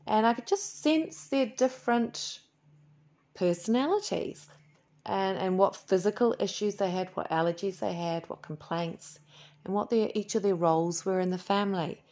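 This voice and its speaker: A woman's voice: medium pitch, moderate pace, mellow. A woman hosting a podcast in a chatty, playful way, a little sniffly. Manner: chatty and playful, with asides and laughs. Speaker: podcast host and animal healer. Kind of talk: casual solo podcast chat.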